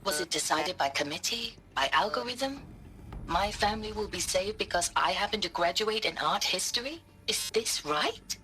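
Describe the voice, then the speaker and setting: A woman's voice: mid-range voice, animated, moderate pace, bright, forceful tone. An actress playing an earnest, idealistic female art historian in a game audio log, speaking in a solemn, questioning way.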